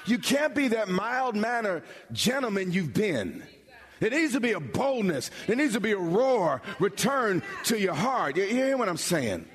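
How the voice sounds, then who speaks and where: A pastor preaching a sermon, building from explanation to bold, emphatic calls with dramatic pauses. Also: male voice, sits high, very animated, husky. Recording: long hall reverb.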